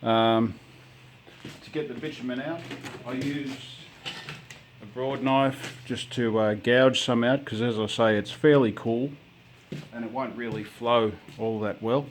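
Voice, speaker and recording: Casual home handyman, mid pitch, talks in loose restarts. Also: steady tone, a little slow, slight background noise. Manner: rambling, many ums and restarts. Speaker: home DIYer. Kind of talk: casual DIY walkthrough.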